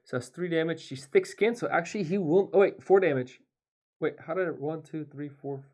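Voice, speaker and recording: A man's voice: on the high side, fairly quick, a little mellow. A man playing a tabletop board game, counting dice aloud and coaching his partner through the rules in casual chat.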